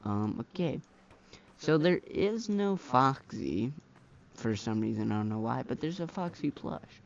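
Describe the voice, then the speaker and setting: A man narrates a game-mod review in loose, slangy commentary full of fillers. His voice has a gravelly fry at a middle pitch. The recording sounds dull and lo-fi. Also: expressive, unhurried, a little hiss or hum. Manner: rambling, filler-heavy, slangy. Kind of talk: casual gameplay commentary. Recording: dull lo-fi mic.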